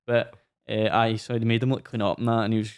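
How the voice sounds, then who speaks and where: A young Scottish man telling a school story in casual podcast chat, swearing freely and acting out his own shouts. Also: lowish voice, flat delivery, fast, smooth. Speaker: podcast host. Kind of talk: casual chat over drinks.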